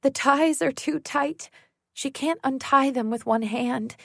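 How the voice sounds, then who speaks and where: A woman narrating a thriller audiobook in the first person, measured and tense. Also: high voice, creaky, a bit bright, no echo, clean studio sound.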